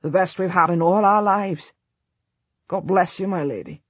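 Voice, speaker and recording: A woman's voice: fairly low pitch, normal speed, breathy edge, dry recording. A woman voicing a grateful village smith. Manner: cheerful, thankful.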